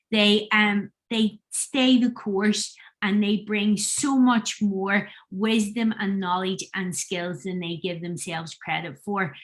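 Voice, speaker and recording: Earnest woman facilitator. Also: medium pitch. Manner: earnest, encouraging, speaks from the heart. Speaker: workshop facilitator. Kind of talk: online workshop talk. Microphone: video call.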